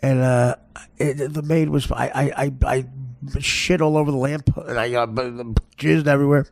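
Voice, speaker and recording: A man's voice: medium pitch, fairly even intonation, normal speed, gravelly, no echo, clean studio sound. A man hosting a podcast, telling crude comic stories in a rambling, stammering way and laughing at his own jokes. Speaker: podcast host. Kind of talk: crude comedic storytelling.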